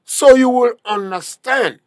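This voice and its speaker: A man's voice: extremely high pitch, unhurried, darkish tone, no echo, studio quality. A man with a Grenadian accent, a talk show guest, lecturing emphatically with rhetorical questions. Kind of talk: political talk show discussion.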